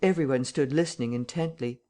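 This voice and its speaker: A male narrator reading a classic novel in a measured, steady audiobook style. His pitch sits in an ordinary middle register for a man.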